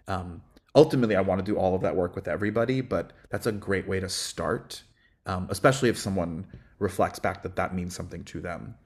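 A man with a low bass voice, a guest voice teacher talking in a casual, reflective way with frequent ums. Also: a little fast, a little mellow. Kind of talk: casual podcast conversation.

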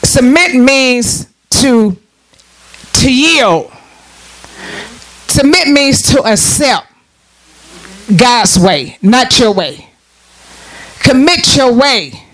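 A man preaching a sermon, calling out to the congregation for responses and rising into shouts. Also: extremely high pitch, animated, drawn-out words, long pauses, slight background noise.

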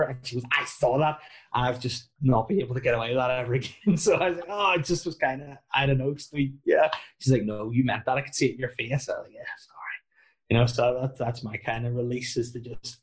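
A man in his thirties, a comedian, chats casually with a rambling, self-deprecating style. His voice sits at an ordinary middle pitch, and he tells his stories full of fillers and restarts. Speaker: comedian and podcast guest. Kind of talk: casual chat.

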